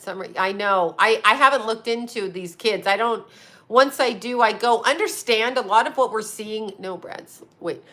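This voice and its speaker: Middle-aged woman host, bright and forceful voice, loose rambling chat with casual swearing. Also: medium pitch. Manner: rambling, swears, reads viewer comments aloud. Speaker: psychic channel host.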